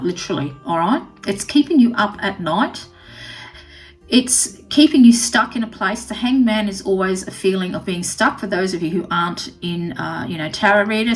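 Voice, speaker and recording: A woman's voice: medium pitch, poor audio. A woman tarot reader giving a pet-spirit reading to camera. She is earnest and reassuring, close to tears, and keeps checking in with "okay?". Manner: earnest and reassuring, with frequent 'okay?' tags.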